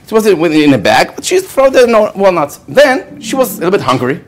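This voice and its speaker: Animated Israeli man telling stories. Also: high-pitched, fairly quick. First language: Hebrew. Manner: animated storyteller, laughs often, many fillers like okay. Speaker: rabbi and lecturer. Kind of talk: storytelling lecture.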